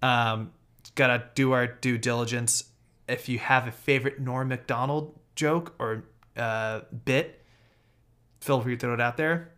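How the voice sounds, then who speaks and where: A man co-hosting a casual sports podcast, telling stories in a quick, chatty way. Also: mid-range voice, fairly even intonation, a bit bright. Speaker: podcast co-host.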